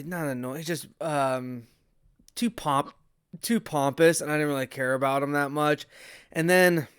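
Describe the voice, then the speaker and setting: A man's voice: mid-range voice, clean tone, no room sound, studio quality. A man giving a casual spoken review in a rambling way with many restarts, interrupted by hiccups. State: has the hiccups. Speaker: video reviewer.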